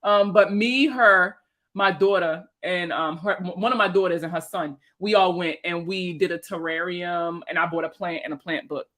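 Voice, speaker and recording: A woman chats casually on a livestream, rambling from topic to topic. She swears freely and laughs easily, and her voice is bright and forceful. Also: on the low side, normal speed. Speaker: personal finance creator and veteran.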